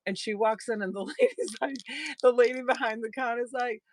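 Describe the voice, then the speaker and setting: A middle-aged woman from Boston, hosting a live sale and telling rambling stories with frequent laughs. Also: fairly high pitch. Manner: rambling storyteller, laughs often, quick asides. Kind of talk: casual live-stream sales chat.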